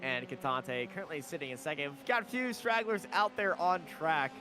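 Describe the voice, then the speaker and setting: A man commentating a sim race, calling qualifying and reading off the starting grid in brisk play-by-play. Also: fairly high pitch, over music.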